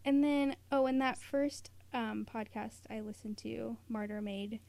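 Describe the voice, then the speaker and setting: A woman's voice: a little high, fairly even intonation, unhurried, creaky, a little mellow. A woman from the United States, chatting casually as a podcast co-host, with lots of fillers, asides and little laughs. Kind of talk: casual chat.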